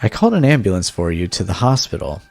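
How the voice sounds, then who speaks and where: A man's voice: deep voice, very animated, fast, creaky, a little mellow, dry recording, faint music behind, heavily acted. A man voicing a doting, possessive young wife while reading a text game aloud, in a plain, lightly acted tone. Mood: sweetly possessive.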